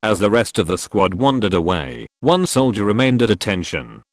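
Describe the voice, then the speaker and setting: A man reading a string of short military jokes as scripted narration, in an even, measured storytelling delivery. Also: fairly low pitch, no echo, clean studio sound. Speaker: joke narrator.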